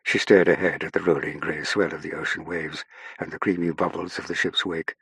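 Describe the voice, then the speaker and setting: A man narrating an audiobook in a measured, even way. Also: sits low, husky, no room sound. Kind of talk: scripted narration.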